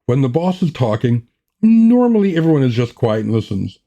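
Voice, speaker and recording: A man gives a scripted writing lesson in a mellow, even voice of middle pitch. His delivery is measured and plain, and he moves steadily from point to point. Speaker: writing podcast host. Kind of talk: scripted teaching talk.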